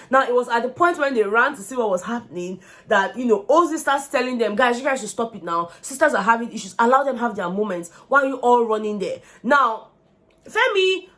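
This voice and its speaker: A young woman giving a casual gossip recap, animatedly acting out what other people said. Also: mid-range voice. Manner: animated, acts out quotes of others. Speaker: reality show recap vlogger.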